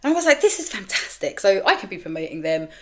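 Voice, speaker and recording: A middle-aged woman telling a candid story as a podcast host, animated and sweary, acting out quoted voices. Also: medium pitch, fast talker, slight background noise. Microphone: camera with mic, solo recording.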